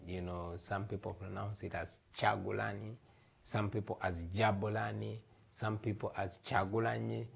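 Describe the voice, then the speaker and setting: Earnest Ugandan man with a gravelly voice. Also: sits low, flat delivery, normal speed, hardly any pauses. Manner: earnest, emphatic, repeats words. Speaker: guest, musician. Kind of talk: TV interview. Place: TV studio.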